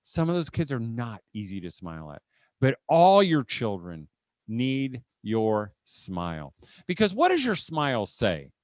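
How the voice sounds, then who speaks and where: A middle-aged man from Indiana speaks to a live audience, at a mid-range pitch, in a dry, close sound. He tells folksy family anecdotes with frequent chuckles and acts the scenes out. The talk is humorous but aimed at teaching parents. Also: wildly swooping pitch, measured pace, a little mellow, no echo. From Indiana, USA. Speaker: conference speaker.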